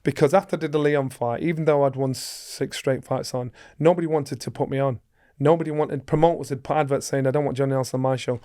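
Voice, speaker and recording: A man's voice: medium pitch, steady tone, fast talker, no echo, studio quality. A middle-aged man, a former boxer telling a story in a podcast interview and acting out other voices. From Sheffield, England. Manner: vivid storyteller, acts out other voices and shouts.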